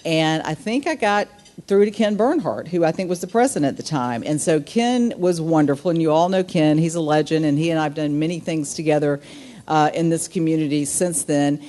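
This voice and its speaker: A woman's voice: low voice, lively intonation, fairly quick, mellow. A Southern woman in her fifties giving a luncheon keynote, telling stories with many fillers and asides. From Southern United States. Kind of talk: speech to a business audience.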